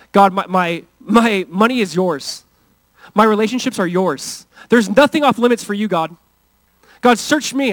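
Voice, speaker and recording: A man in his thirties preaching a sermon as pastor, earnest and fervent, dropping to hushed tones for tender passages and rising for emphasis. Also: high-pitched, dry recording, rough recording.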